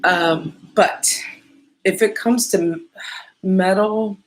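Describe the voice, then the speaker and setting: A woman's voice: medium pitch, fairly even intonation, slow pace. A woman from the American Midwest chatting casually as a podcast host, rambling, swearing freely and often losing her train of thought. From Midwestern United States. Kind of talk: casual chat.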